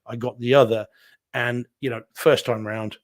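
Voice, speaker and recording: A man chats on a live home theater stream, candid and self-deprecating. He rambles through his opinions with plenty of restarts and stumbles. His voice sits at an everyday middle pitch. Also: flat delivery, moderate pace. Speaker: podcast co-host reviewing movies. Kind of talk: casual live-stream chat.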